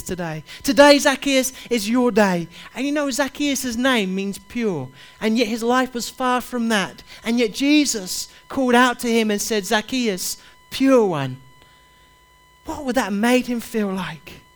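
High-voiced impassioned male preacher. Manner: impassioned, repetitive, urges listeners directly. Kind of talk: sermon.

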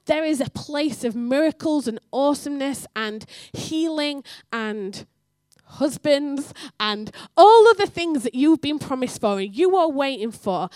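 A woman giving a sermon in church, telling a story and acting out the dialogue with lively energy. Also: high voice, no echo, clean studio sound. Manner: animated storytelling, acts out dialogue. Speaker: church speaker.

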